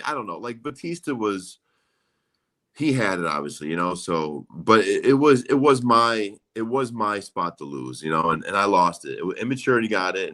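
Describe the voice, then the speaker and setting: A man's voice: fairly low pitch, sharp tone. Rambling, foul-mouthed man guest. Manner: rambling, swears freely, many fillers. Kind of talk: casual interview chat.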